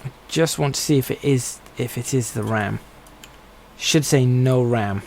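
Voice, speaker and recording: A man's voice: medium pitch, measured pace, vocal fry, a little mellow, a little hiss or hum, low-quality recording. A man streaming a game, giving casual commentary and musing aloud to himself as he plays. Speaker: gaming streamer.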